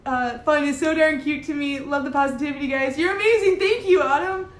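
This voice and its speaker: A woman with a high voice chats on a live stream, giggling often as she reads viewer comments out. The audio sounds roomy, like a bare room at home. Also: brisk. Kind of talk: casual live-stream chat.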